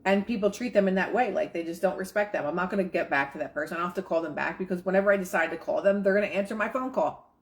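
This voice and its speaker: A woman with a slightly low voice reads passages aloud from a self-help book. She keeps stopping to talk them over in a loose, chatty way and acts out little quoted thoughts along the way. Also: very fast. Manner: casual, conversational asides with quoted inner voices. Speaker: manifestation coach. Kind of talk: reading a book aloud and commenting.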